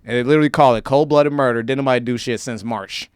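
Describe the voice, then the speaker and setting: A man's voice: mid-range voice, fairly even intonation, fast talker, smooth, no room sound, clean studio sound. A man hosting his own show, ranting animatedly to camera in a profane, comedic way and slipping into mocking voices. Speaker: show host.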